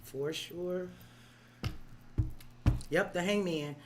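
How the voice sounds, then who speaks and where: Soft background music plays under a woman's lowish, darkish voice as she gives a very slow tarot reading on a live stream. Addressing the client directly, she uses casual, profane slang and often checks in with "right?"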